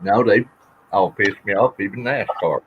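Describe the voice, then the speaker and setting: A man's voice: on the low side, normal speed, slight background noise. A man who collects coins, chatting casually on a livestream auction in a folksy, dry-joking way. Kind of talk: casual chat. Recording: slightly dull lo-fi stream audio.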